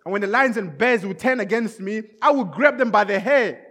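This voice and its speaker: A man's voice: high-pitched, expressive, a little fast, a bit bright. A man voicing a confident young shepherd boy in a raised, eager voice. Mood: boastful. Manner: eager, pleading, boastful.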